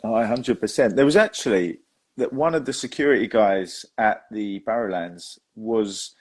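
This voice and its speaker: Young guy, low-ish voice, chatty host telling stories, laughs a lot, calls you mate. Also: moderate pace. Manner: chatty storyteller, laughs often, says "mate". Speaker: host and magician. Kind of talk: casual podcast chat.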